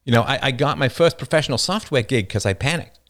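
He's a fast-talking livestream host with lively intonation and a fairly bright tone. Rambling passionately through personal anecdotes in an unscripted monologue, he laughs at his own tales and acts out quoted people in a higher voice.

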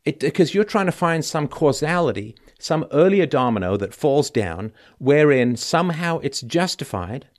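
An animated male host giving advice on a call-in show. His pitch swings widely as he acts out both sides of an argument, playing the husband and then the wife, and his tone stays lively from one line to the next. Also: moderate pace, hardly any pauses.

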